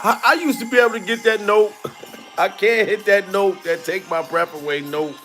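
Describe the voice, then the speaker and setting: Brief: high-pitched male comedian, slow drawl, laughs and curses, faint music behind. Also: a bit bright. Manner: drawn-out, laughs often, swears freely. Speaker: comedian commentator. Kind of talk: casual gossip commentary.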